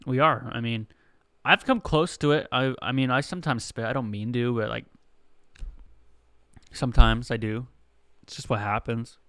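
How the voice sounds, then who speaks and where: A man's voice: mid-range voice, normal speed, long pauses, a bit bright, dry recording. A man hosting a comedy podcast, telling stories in a rambling, profane, conversational way. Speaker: podcast host.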